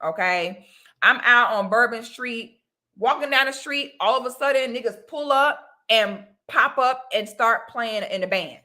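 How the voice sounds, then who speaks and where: A woman's voice: fairly high pitch, measured pace, bright, forceful tone. A young woman, chatting casually and animatedly straight to her viewers. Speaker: vlogger talking to viewers. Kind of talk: casual chat to camera.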